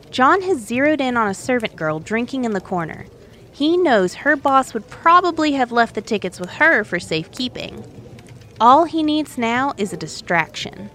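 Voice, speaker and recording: A woman's voice: a little high, fairly bright tone. A woman narrating an adventure story in a playful, conversational way.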